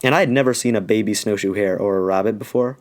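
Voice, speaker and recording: A man's voice: on the low side, quick pace. A man from Alaska telling a childhood story in a casual, rambling, slangy way, full of "like". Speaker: YouTuber telling a life story.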